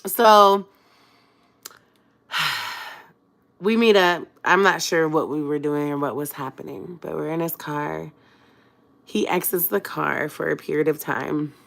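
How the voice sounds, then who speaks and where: A young woman from California tells a personal story to her livestream viewers, chatty and dramatic, talking to them directly. Her voice sits a little low for a woman and sounds slightly rough from a cold. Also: takes it slowly, long pauses, fairly bright tone. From Fresno, California. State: has a cold. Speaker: vlogger.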